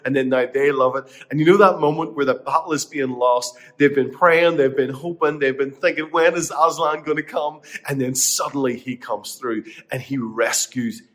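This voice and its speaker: A middle-aged man preaching a sermon as pastor, earnest, dropping to quiet lines and rising to emphatic ones. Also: mid-range voice, moderate pace, few pauses. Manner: earnest, swings between hushed and emphatic.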